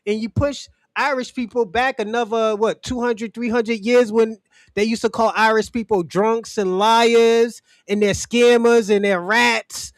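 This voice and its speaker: A man holds forth on a livestream in a loose, profane, mocking rant, often breaking into laughter. His voice sits high for a man and sounds close and dry, with no room around it. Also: fairly even intonation, a little slow, no room sound. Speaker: livestream host.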